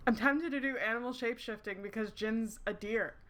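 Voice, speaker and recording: A woman with a slightly high voice chats her way through a game at her desk, rambling from thought to thought. She laughs easily and swears freely, with an off-the-cuff, unpolished manner. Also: a little fast, a bit bright. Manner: rambling, giggly and profane. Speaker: streamer playing a romance game. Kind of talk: casual let's-play chat. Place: indoors at her screens under dim night lighting.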